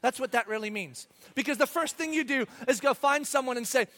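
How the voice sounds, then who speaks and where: A man preaching a sermon, animated, swinging from loud bursts to quiet asides and acting out the quotes he tells. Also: very high-pitched, brisk, few pauses. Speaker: pastor.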